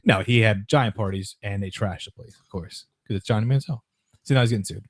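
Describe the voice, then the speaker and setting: Fast-talking male sports podcast host. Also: lowish voice, slightly rough, dry recording, studio quality. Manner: rapid, rambling, with frequent restarts and mocking quoted voices. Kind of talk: casual chat about sports news.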